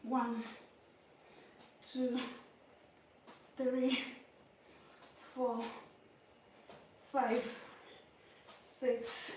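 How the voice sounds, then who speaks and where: A woman's voice: on the high side, little pitch movement, extremely slow, long pauses, a little mellow. A woman vlogging her workout, counting reps aloud and cheering herself on. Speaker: vlogger working out on a live stream. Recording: echoey room, mic far off, faint noise.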